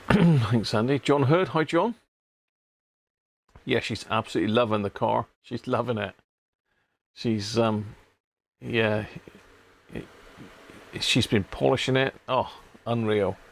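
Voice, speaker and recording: Chatty man, live-stream host, mid-pitched voice, greets viewers by name. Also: slow, vocal fry, long pauses, slight background noise. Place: home workshop.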